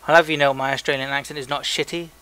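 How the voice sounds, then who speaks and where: A man's voice: mid-range voice, steady tone, quick pace, bright, forceful tone, clear, resonant tone. A young man co-hosting a casual podcast, reading listener emails aloud in a joking, loose way with frequent stumbles. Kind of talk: casual chat.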